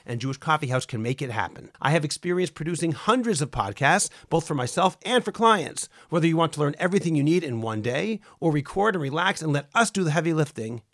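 Guy hosting a podcast, bit higher voice, reads his intro clear and steady. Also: no room sound, clean studio sound. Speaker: podcast host. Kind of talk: scripted podcast intro and interview questions.

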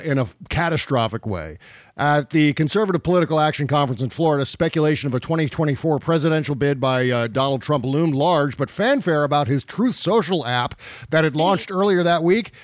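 A man's voice: a little high, no room sound, studio quality. Sarcastic, profane male podcast host. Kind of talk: comedic news commentary.

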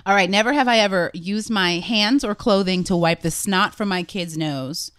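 A woman's voice: mid-range voice, moderate pace, fairly bright tone, dry recording. A woman co-hosting a casual podcast chat, a mother of boys reading party-game prompts in a playful, giggly way.

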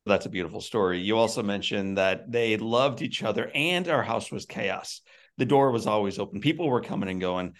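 A man's voice: lowish voice, normal speed. A man hosting an interview, affirming his guest and asking open questions. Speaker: interviewer, host. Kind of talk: conversational interview.

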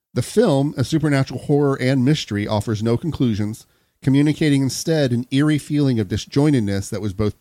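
A man's voice: mid-range voice, no echo. A man hosting a podcast, reading a story from a script between banter with friends. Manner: steady storyteller, laughs often.

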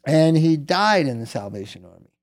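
A man's voice: fairly high pitch, sing-song, normal speed. A middle-aged man casually telling a long personal story as a guest, candid and rambling, often tagging "right?" onto his sentences.

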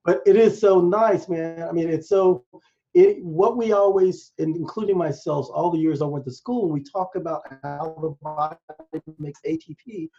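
Enthusiastic American man, mellow lo-fi. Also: a little high, animated, moderate pace, faint music behind. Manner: enthusiastic, rambling, explaining. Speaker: podcast guest, doctor. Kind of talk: casual interview talk. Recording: muffled lo-fi sound.

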